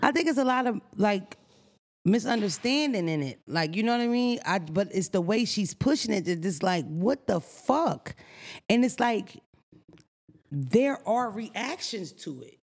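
A woman's voice: medium pitch, animated, measured pace. A woman hosting a podcast, ranting brashly and comically with lots of swearing. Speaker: podcast host. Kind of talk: casual podcast chat.

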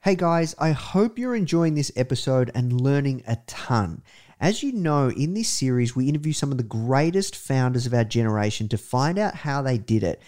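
A man's voice: medium pitch, sing-song, normal speed, a little mellow. Male podcast host, upbeat, conversational, mid-range voice. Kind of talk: interview host and ad read.

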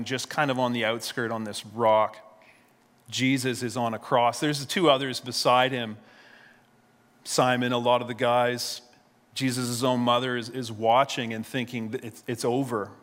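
Male pastor, conversational storytelling sermon, mid pitch, long hall reverb. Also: flat delivery, measured pace, fairly bright tone. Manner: conversational, repeats words at restarts.

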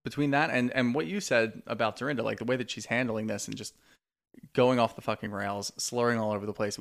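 A man's voice: on the low side, gravelly, fairly bright tone. A man co-hosting a podcast, chatting in a laid-back, wry way and swearing freely. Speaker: podcast co-host. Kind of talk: casual chat recapping reality TV.

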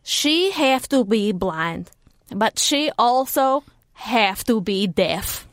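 A woman's voice: on the high side, dry recording, studio quality. A woman doing her Russian dad's joke voice. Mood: deadpan joking. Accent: put-on Russian accent. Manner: broken English, slow deadpan joke delivery. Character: joking Russian immigrant dad, heavy accent. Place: recording booth.

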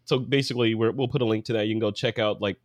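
A man's voice: on the low side, fairly even intonation, no room sound, studio quality. A man hosting a photography podcast in a casual, joking, chatty way. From California. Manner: chatty, joking, fast asides. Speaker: podcast host. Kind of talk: casual chat.

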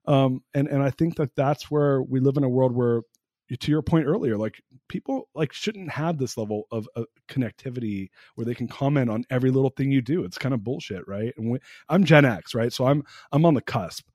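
A man in his forties hosts a loose conversational interview, chatty and animated, packing his talk with fillers. His voice sits at an average pitch for a man, and the recording is dry with no room sound. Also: a little fast, no echo. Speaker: host.

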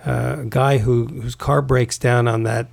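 A man's voice: mid-range voice, little pitch movement, slow, creaky, a little mellow. A man, a Taoist author, talking as a podcast guest in a rambling way, restarting and repeating words. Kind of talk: casual conversation.

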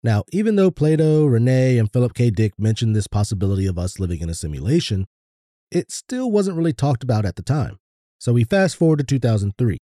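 Casual male podcast co-host, deep dark timbre, laid-back delivery with loose swearing. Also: big pitch swings, fairly quick, dry recording, clean studio sound.

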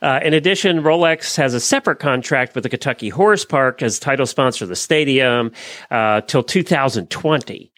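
A man's voice: medium pitch, moderate pace, a bit bright, no echo, clean studio sound. A middle-aged man co-hosting a casual chat, easygoing and plainspoken, with frequent fillers. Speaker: co-host. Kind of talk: casual chat, reading news items.

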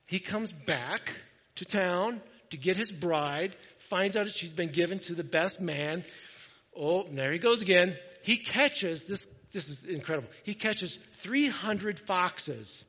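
High-voiced guy preaching, jokey and animated, dull sound with long hall reverb. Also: slightly rough. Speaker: pastor. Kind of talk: sermon.

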